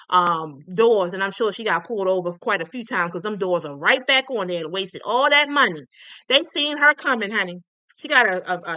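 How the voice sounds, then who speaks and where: A woman's voice: medium pitch, bright, forceful tone, no room sound. A woman hosting a livestream gossip channel, chatting casually and sassily with viewers, calling them honey. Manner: chatty, sassy, calls viewers honey and y'all.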